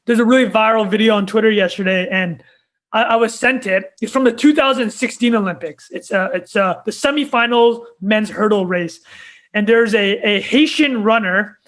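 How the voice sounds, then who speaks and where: Man, young adult, very high voice, podcast co-host, casual chat, animated, laughs a lot. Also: moderate pace. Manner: laughs often, animated storyteller.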